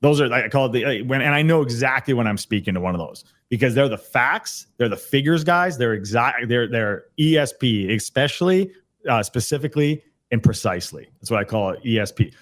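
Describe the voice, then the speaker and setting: A man's voice: mid-range voice, expressive, brisk, fairly bright tone. A man speaking as a podcast guest on a video call, explaining energetically, often repeating words and restarting. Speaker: podcast guest, sales trainer. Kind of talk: casual conversational explanation. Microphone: computer on a video call.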